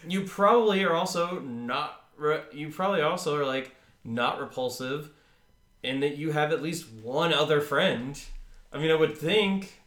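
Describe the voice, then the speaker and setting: Male podcast co-host, rambling and quick to laugh, bright tone, echoey room. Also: a little high. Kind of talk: casual chat.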